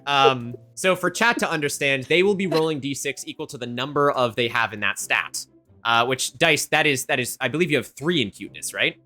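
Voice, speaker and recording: A woman running a tabletop game as game master, narrating in a relaxed way with frequent fillers. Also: extremely low pitch, a little fast, soft background music.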